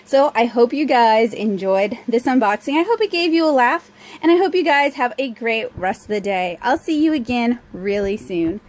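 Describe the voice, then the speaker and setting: A woman's voice: fairly high pitch, lively intonation, normal speed, a little mellow, poor audio. Chatty self-mocking woman vlogger. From southern Louisiana. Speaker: art vlogger. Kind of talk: casual unboxing vlog. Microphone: cell phone held in hand.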